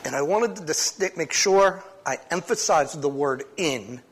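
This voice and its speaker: A pastor reading a psalm aloud and then preaching a short sermon at a church service, talking conversationally with frequent restarts. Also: male voice, a little high, lively intonation, unhurried, husky. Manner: conversational, with frequent restarts and sudden swings in loudness.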